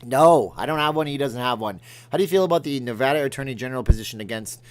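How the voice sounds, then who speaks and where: A man's voice: mid-range voice, lively intonation, fast talker. A middle-aged man from Canada hosting a casual livestream, reading viewer comments and rambling between jokes and remarks to his cat. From Alberta, Canada. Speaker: livestream host.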